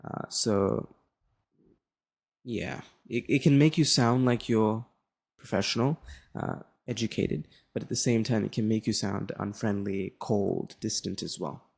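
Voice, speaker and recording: Gravelly Australian young man tutoring. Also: on the low side, measured pace, darkish tone. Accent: General Australian. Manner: rambling, many fillers and restarts. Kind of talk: casual explainer lesson.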